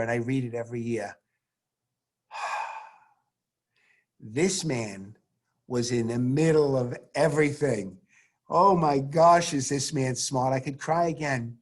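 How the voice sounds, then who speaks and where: A man teaching a science class over a video call, animated and theatrical, full of rhetorical questions. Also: mid-range voice, husky.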